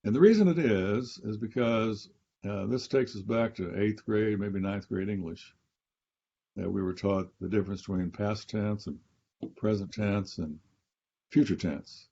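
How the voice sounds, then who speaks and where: Low, husky man explaining grammar. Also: unhurried, warm tone, dull audio. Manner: explains grammar step by step, professorial, repeats key phrases. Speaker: Bible scholar and professor. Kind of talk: teaching conversation on a podcast.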